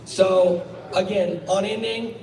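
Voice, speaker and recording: A man's voice: high-pitched, steady tone, slow pace, darkish tone. A man giving a blunt, combative outdoor rally speech. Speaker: rally speaker. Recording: echoey, from far off, crowd behind.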